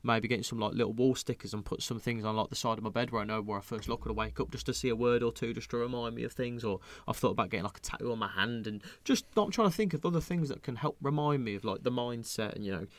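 A man's voice: medium pitch, quick pace, hardly any pauses, dry recording. A young man hosting a podcast, talking in a rambling, sweary way and acting out the lines he quotes. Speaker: podcast host. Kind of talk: casual podcast chat.

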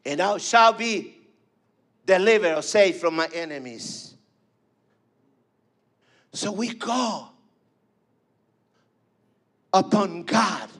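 High, bright-voiced fervent male preacher. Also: expressive, extremely slow, pauses often. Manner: fervent, repetitive call-and-response preaching. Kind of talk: sermon.

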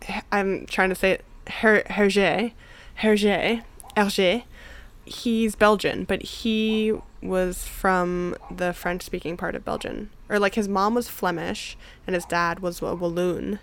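A woman's voice: on the low side, fairly even intonation, measured pace. A woman hosting a casual podcast conversation, chatty, laughing often and filling her talk with likes and ums. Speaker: podcast host. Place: home in New Jersey.

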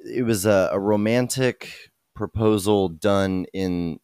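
A man with a lowish, smooth, resonant voice makes easygoing comments in casual conversation. He recorded dry and close, with no room echo. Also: takes it slowly, darkish tone. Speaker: podcast co-host. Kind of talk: casual chat.

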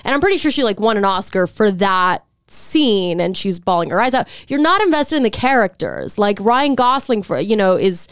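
A woman's voice: mid-range voice, animated, moderate pace, hardly any pauses, clear, resonant tone, no room sound, clean studio sound. A woman hosting a casual podcast chat, rambling with restarts and swearing freely. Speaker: podcast host.

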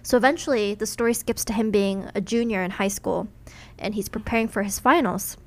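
A woman's voice: medium pitch, a little fast. A young adult woman, a podcast co-host, casually retelling a ghost story in a chatty way, full of "like" and "you know.".

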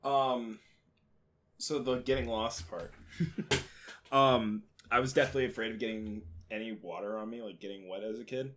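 Young man, lowish voice, halting casual storyteller. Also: fairly even intonation, fairly bright tone, a little hiss or hum. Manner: hesitant, many fillers.

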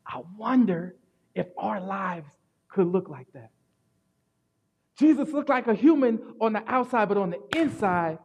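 High-voiced animated pastor preaching. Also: male voice, measured pace, slightly rough, lo-fi sound. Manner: animated storytelling, swinging from loud to hushed. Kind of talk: sermon.

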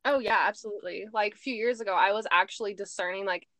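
A woman's voice: medium pitch, fast talker, a bit bright, no echo. A young woman hosting a podcast, telling a personal story in casual chat, full of "like" and "I'm just like". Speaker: podcast host.

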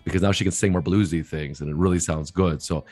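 A man hosting a podcast interview, talking in a chatty, joking, eager way with a hoarse, rough voice. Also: deep voice, steady tone, quick pace, a little mellow, soft background music. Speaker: podcast host.

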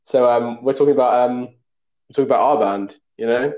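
Jokey young host, roomy sound. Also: male voice, medium pitch. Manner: jokey and teasing, quick to laugh. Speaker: podcast host. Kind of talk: casual chat. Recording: roomy, dull-sounding recording.

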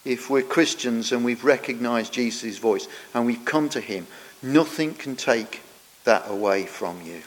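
Man, sermon, earnest teaching tone, phrases fading softly, long church reverb. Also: medium pitch, measured pace. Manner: earnest, explanatory, drops softer at the ends of phrases. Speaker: preacher.

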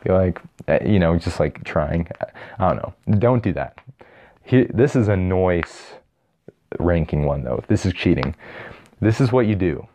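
A man's voice: sits low, expressive, unhurried, dark tone. A young man casually explaining and ranking strategies for a classroom game, rambling and correcting himself as he goes. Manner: rambling, self-correcting, chatty. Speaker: video host.

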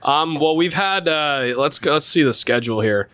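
A man from Canada hosting a casual live-stream interview, talking haltingly with many fillers. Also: fairly high pitch, animated, pushed and bright, smooth, no room sound. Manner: halting, many fillers and restarts, laughs easily. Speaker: host.

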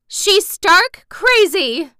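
A woman reading aloud, voicing a fussy, excitable older aunt from a storybook in a high, drawn-out exclaiming voice. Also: smooth, no room sound, studio quality, heavily acted. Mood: alarmed.

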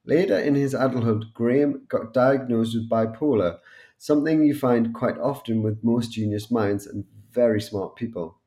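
A man from North East England with a Newcastle accent, co-hosting a casual podcast and talking in a blunt, relaxed way. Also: mid-range voice, normal speed. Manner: relaxed, blunt, swears and laughs easily. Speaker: podcast co-host.

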